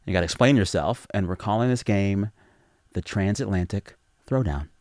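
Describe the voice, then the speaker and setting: A man hosting a podcast, playful and quick, leading a question game with his guest. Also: fairly low pitch, a little mellow, dry recording, studio quality. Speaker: podcast host. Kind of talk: casual podcast conversation.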